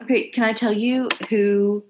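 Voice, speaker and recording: A woman's voice: on the high side, fairly even intonation, a little slow, a little mellow, a little hiss or hum. A woman in her twenties co-hosting a casual chat podcast, playful and teasing. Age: 20s. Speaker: podcast co-host.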